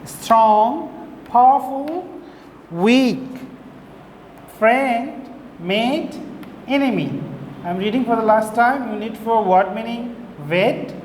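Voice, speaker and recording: A man's voice: high-pitched, darkish tone. A male teacher giving a recorded English lesson to young children, spelling out each word letter by letter. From Bangladesh. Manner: slow, spells words letter by letter. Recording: echoey room with faint hiss.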